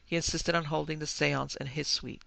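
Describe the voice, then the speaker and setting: A male podcast host with a very gravelly, fairly high voice, narrating a ghost story in an even, measured way. His pitch stays flat, and the recording is dry and close to the mic.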